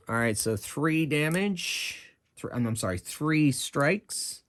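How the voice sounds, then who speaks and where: A man's voice: on the high side, lively intonation, takes it slowly, fairly bright tone, a little hiss or hum. A man running and narrating his own solo tabletop game, chatting and thinking aloud about rules and dice rolls.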